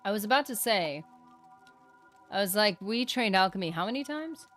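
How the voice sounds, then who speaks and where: A woman streaming a video game live, chatting casually, reading chat aloud and breaking into excited bursts. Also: medium pitch, normal speed, soft background music. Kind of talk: live gameplay commentary.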